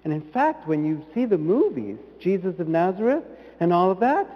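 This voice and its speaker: A man's voice: sits high, sing-song, normal speed, in a large hall, muffled recording. Earnest male priest preaching in a church. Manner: earnest, rising to emphatic peaks then dropping soft. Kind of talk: sermon.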